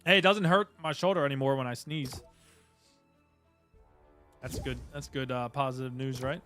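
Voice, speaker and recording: A man's voice: medium pitch, steady tone, normal speed, fairly bright tone. A man streaming a game live, chatting casually and greeting viewers by name, with faint music behind.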